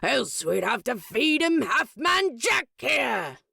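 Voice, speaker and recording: A woman voicing a gruff male pirate captain who bellows in old pirate talk in a fan fiction audiobook. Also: sits high, very animated, slow pace, sharp tone, no room sound, clean studio sound, voice pushed up, heavily acted. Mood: jeering.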